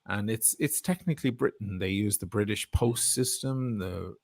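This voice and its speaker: A middle-aged Irish man telling stories in a casual chat, animated and quick to swear and laugh. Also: fairly low pitch, creaky. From Ireland. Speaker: guest.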